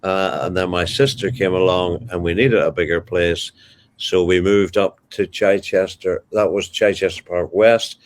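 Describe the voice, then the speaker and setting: A man's voice: sits low, fairly even intonation, a little slow, slight background noise. An older man with a Ballymena Northern Irish accent, telling stories from his life as the guest in a casual interview, with fond asides. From Ballymena, Northern Ireland. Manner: warm anecdotal storyteller with fond asides. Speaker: guest, television broadcaster.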